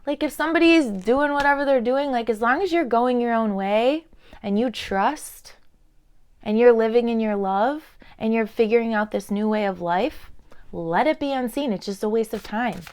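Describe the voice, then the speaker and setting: A chatty woman in her thirties gives an oracle card reading, wandering from thought to thought with a smooth, clear voice. She talks loosely to the viewer and now and then drops into a soft murmur. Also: on the high side, moderate pace. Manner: chatty, meandering, with fillers and laughs. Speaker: tarot and oracle card reader. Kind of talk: intuitive card reading to camera.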